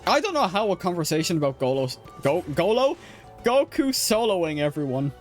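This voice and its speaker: This young Irish gamer has a high-pitched voice with big pitch swings and a moderate pace, over soft background music. Streaming a game, he chats loosely and rambles with many fillers, restarts and bursts of laughter.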